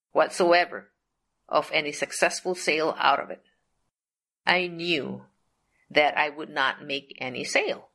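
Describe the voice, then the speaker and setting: A middle-aged woman recounts a personal faith story at a very unhurried pace. Her voice sits fairly low yet sounds bright and forceful. She speaks deliberately and leans on repeated phrases for emphasis.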